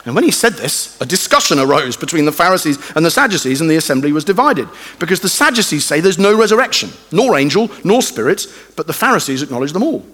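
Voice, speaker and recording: Lively male preacher in a reverberant church. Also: a little high, quick pace, hardly any pauses. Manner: animated, conversational, acts out quoted voices. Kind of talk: sermon.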